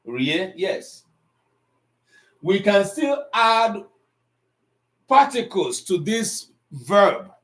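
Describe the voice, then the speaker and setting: A man teaching an online language class, pausing often with ums as he explains tone. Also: high-pitched, big pitch swings, a bit bright. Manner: slow, deliberate, with frequent ums and pauses.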